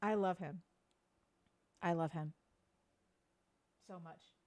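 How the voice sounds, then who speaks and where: A woman's voice: on the low side, fairly even intonation, slow, dry recording. A woman co-hosting a live podcast in casual chat, gushing and enthusiastic about what she is discussing. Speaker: podcast co-host.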